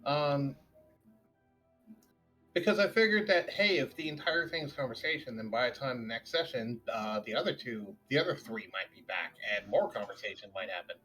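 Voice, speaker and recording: A man running a tabletop game over voice chat, chatty and quick to laugh. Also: medium pitch, expressive, bright, forceful tone, faint music behind, rough recording. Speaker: game master.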